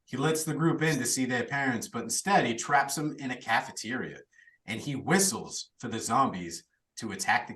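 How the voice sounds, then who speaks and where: A man's voice: medium pitch, a bit bright, far from the mic, rough recording. A man hosting a podcast, chatty and laughing now and then as he recaps a plot. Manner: chatty, laughs while telling the story. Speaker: podcast host recapping a film.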